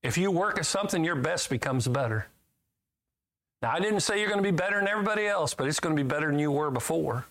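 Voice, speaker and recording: Brief: middle-aged preacher, homespun and emphatic, voice sits a bit high, big swings up and down. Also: male voice, animated, fast. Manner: folksy, emphatic, swinging between loud highs and low asides. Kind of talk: sermon.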